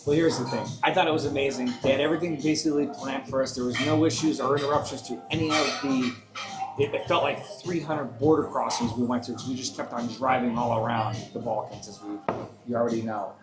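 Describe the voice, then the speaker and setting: A man's voice: mid-range voice, steady tone, quick pace. A man in his forties, a travel vlogger, telling a story in an earnest, casual way. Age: 40s. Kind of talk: casual chat. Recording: echoey room with music.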